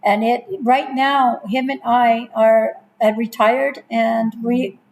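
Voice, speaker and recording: New Mexican woman, fifty-plus, high voice with fry; a chatty guest who tells stories and laughs easily. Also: slow, low-quality recording. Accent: New Mexican English. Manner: laughs often, animated retelling with quoted dialogue. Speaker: interview guest. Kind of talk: casual personal storytelling.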